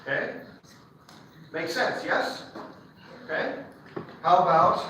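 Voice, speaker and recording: A university lecturer explains ideas in a chatty, enthusiastic way, often checking in with his class. His voice sits a little high for a man. He is heard from a distance in a very echoey hall with a faint hum behind him. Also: moderate pace.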